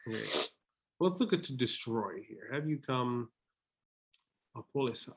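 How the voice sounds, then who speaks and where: A man's voice: medium pitch, lively intonation, measured pace, vocal fry, noisy background. A man co-hosting a casual Bible study chat, playfully thinking aloud as he works through Greek words. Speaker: podcast co-host.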